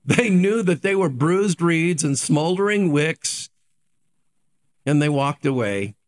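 A man's voice: a little high, expressive, takes it slowly. A man, a pastor giving a daily devotional sermon, earnest and repetitive, asking rhetorical questions and answering them.

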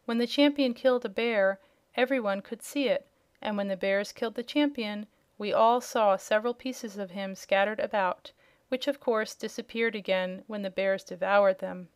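A woman voicing a calm, matter-of-fact unseen man in a storybook reading. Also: medium pitch, normal speed, clean tone, dry recording, natural voice. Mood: explaining.

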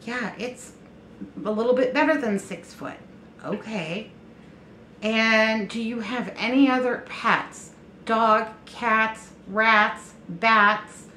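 A woman's voice: on the high side, slow. Chatty woman in an echoey room. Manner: chatty, animated, quotes others in her own voice. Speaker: storyteller. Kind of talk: casual personal storytelling. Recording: echoey room with faint noise.

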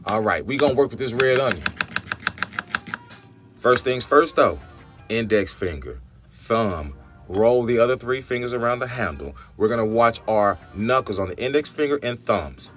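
A man's voice: mid-range voice, lively intonation, moderate pace, music in the background. A man, narrating a recipe tutorial for his cooking channel in an upbeat, chatty way, often calling his viewers y'all.

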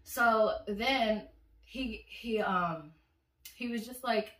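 A woman vlogger telling a story to her viewers in a chatty, animated way, swearing freely. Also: mid-range voice, measured pace, recorded from a distance. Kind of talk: casual storytelling to camera. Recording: echoey room, voice slightly off-mic.

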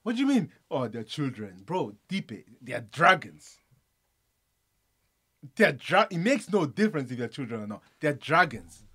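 Excitable young man with a bright voice. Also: on the high side, moderate pace, husky. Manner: animated, argues his point hard, slangy. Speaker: reaction video co-host. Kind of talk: excited casual reaction chat.

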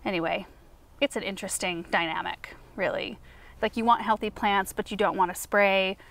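A woman's voice: medium pitch, fairly even intonation, normal speed, gravelly, fairly bright tone. A woman hosting a gardening show, answering viewer questions in a casual, chatty way with lots of fillers. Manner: chatty, explains with many fillers. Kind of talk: casual Q&A chat. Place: at home.

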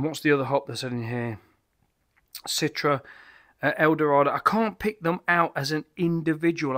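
A man's voice: medium pitch, bright, forceful tone. A tipsy man rambles and corrects himself while reviewing a beer at a home bar. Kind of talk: casual beer review vlog.

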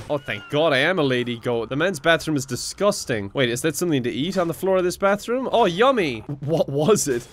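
A man's voice: fairly high pitch, fairly bright tone. A man giving comedic gameplay commentary with sarcastic jokes and frequent laughs. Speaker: gaming YouTuber.

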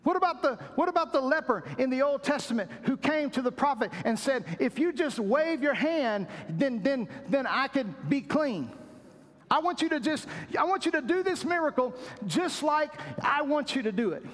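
A man's voice: very high-pitched, lively intonation, normal speed, a bit bright, long reverb tail. A man preaching a sermon as pastor, dramatizing quotes with repeated, emphatic phrases. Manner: preaching with acted-out quotes and repetition.

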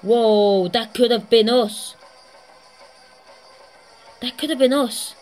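A woman hosting a gaming channel, giving excitable let's-play commentary, swearing constantly and laughing at herself. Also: a little high, takes it slowly, faint music behind.

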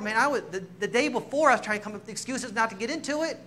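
A man's voice: very high-pitched, lively intonation, fast talker, bright, forceful tone, slight background noise. A man preaching a sermon in a church, telling stories about himself with self-mocking humor and laughing as he goes. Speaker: pastor. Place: church sanctuary.

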